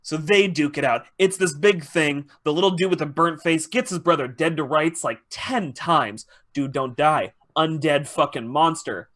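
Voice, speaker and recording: A man's voice: fairly high pitch, moderate pace, hardly any pauses, fairly bright tone. A man hosting a podcast, casually retelling a TV episode in a rambling, profane way and acting out the characters' lines. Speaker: podcast host.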